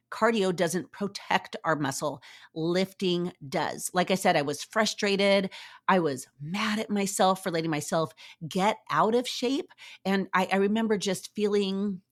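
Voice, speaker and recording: Middle-aged woman host, lower-pitched voice, upbeat and animated motivational talker. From Southern California. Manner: energetic, animated, acts out quoted voices. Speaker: podcast host. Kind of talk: motivational podcast monologue.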